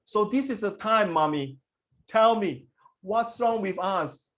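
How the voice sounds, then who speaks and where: Guy putting on a whiny little daughter, high voice, slow drawn-out pleading. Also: expressive. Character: pleading young daughter questioning her mother.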